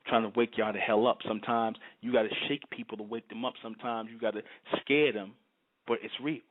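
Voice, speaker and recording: A man with a fairly low, fairly evenly inflected voice speaks briskly as host of his own channel. His solo monologue is emphatic and repetitive, and he often asks listeners whether they understand. The audio sounds tinny, like a phone.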